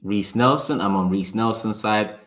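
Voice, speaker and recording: A lowish-voiced man hosts a casual livestream, reacting to viewers' comments. His talk is sarcastic and loose, with swearing and bursts of quick words. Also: a bit bright. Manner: sarcastic, talks fast in bursts; swears, chats to viewers by name. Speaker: livestream host. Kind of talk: casual live-stream chat.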